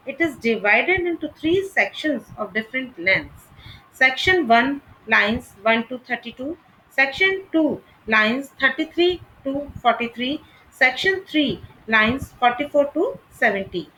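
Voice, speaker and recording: A woman reads a literature lesson from a script. She speaks unhurriedly and deliberately, in a slightly high voice, with a faint hum in the background. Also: lively intonation, bright, forceful tone, rough recording. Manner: measured, deliberate reading. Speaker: literature teacher.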